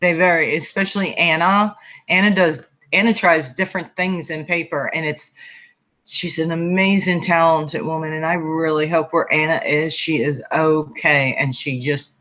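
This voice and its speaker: A woman's voice: deep voice, fairly even intonation, normal speed, a bit bright, muffled recording. A woman hosting a casual craft livestream, chatting with viewers in a rambling way with many ums and restarts. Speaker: craft channel host.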